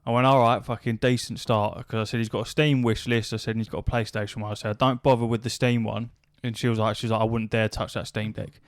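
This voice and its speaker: A man's voice: lowish voice, level tone, fast, few pauses, dry recording, studio quality. A man, a podcast host telling a long anecdote in casual chat, swearing freely and acting out quoted back-and-forth dialogue.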